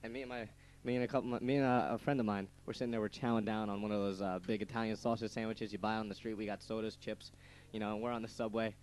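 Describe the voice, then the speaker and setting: A man's voice: lowish voice, little pitch movement, fast talker, few pauses, darkish tone. A young man co-hosting a casual radio show, rambling through stories with lots of stammered restarts and laughs at his own jokes.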